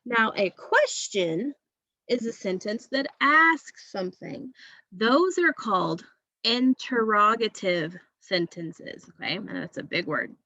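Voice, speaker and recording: A woman's voice: medium pitch, sharp tone, dry recording, poor audio. A woman teacher giving a recorded class lesson to young students, patient and repetitive, checking understanding with frequent okays.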